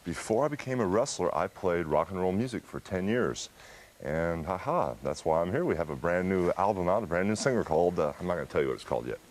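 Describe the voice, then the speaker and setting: A man with a deep, gravelly voice, a laid-back and jokey celebrity guest in a TV studio. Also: animated, quick pace. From USA.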